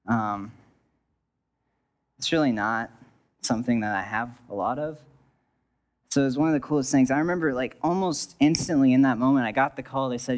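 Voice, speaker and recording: A young man telling a personal faith story to an audience, rambling with restarts and joking asides. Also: mid-range voice. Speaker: speaker sharing a testimony.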